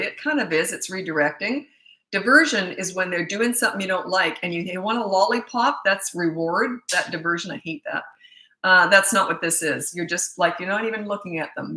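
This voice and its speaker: A woman's voice: fairly low pitch, sharp tone, echoey room, poor audio. A middle-aged woman parenting coach answering viewer questions in a blunt, emphatic way, often restarting her sentences.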